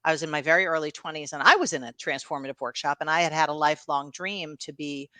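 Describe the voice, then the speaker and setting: A woman's voice: low voice, quick pace, pushed and bright, no room sound. A middle-aged woman from New York, a coach and guest, telling stories casually with frequent "you know" and laughs. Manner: storytelling, laughs often, fillers like "you know". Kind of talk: casual interview chat.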